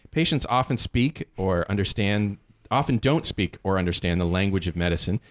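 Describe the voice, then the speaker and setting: A man hosting a casual group podcast, explaining a game in a lively, rambling way with frequent restarts. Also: medium pitch. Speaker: podcast host.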